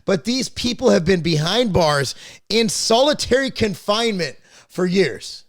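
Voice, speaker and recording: A man's voice: high voice, lively intonation, unhurried, no room sound, clean studio sound. A man hosting a podcast, talking bluntly and at length about politics, restarting his sentences and swearing now and then. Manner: opinionated, rambling, blunt with profanity; frequent restarts and repeated words. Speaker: podcast host. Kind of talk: casual political chat.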